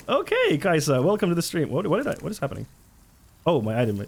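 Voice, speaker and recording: Male streamer, excitable and giggly, slightly high and very animated delivery, live game-stream chat. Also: fast, slightly rough.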